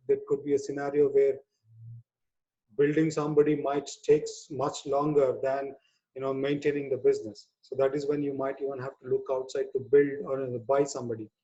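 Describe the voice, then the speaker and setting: A man's voice: medium pitch, dark tone, highs cut off. A man speaking as a webinar presenter on people management, conversational, with many "you know" fillers. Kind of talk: webinar talk.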